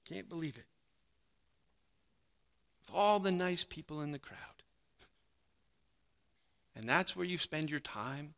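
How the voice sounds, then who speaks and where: A man preaching a sermon, animated, acting out the voices of the crowd. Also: fairly high pitch, measured pace, creaky, long pauses. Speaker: pastor.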